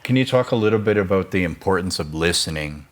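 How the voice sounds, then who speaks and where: A man hosting an interview, asking questions in a relaxed way and giving short replies. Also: sits low, fast talker. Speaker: talk show host, filmmaker. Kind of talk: candid interview conversation.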